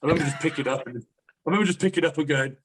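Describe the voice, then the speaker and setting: A young man, a powerlifter guest on a podcast, telling rapid, sweary anecdotes in casual chat. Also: on the high side, noisy background. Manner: fast, swearing, laughing anecdotes.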